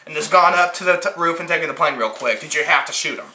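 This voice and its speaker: A man with a bright, fairly high voice recaps a film in a loose, rambling way and keeps asking rhetorical questions. The sound is roomy and echoey. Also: expressive, quick pace. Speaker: host. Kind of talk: casual movie review chat. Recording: echoey room.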